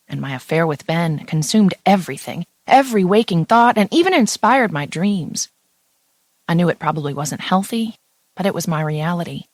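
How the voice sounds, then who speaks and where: A woman's voice: low voice, dry recording. Woman narrating a romance audiobook, dry sound.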